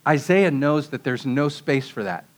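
A man's voice: medium pitch, expressive, normal speed. A man preaching a sermon in a conversational way, asking rhetorical questions and dropping casual asides.

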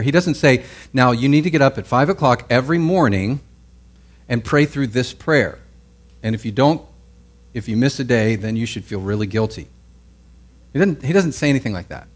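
A man preaching a sermon as pastor, in a conversational way, often checking in with listeners and restarting his phrases. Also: mid-range voice. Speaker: pastor teaching a Bible class.

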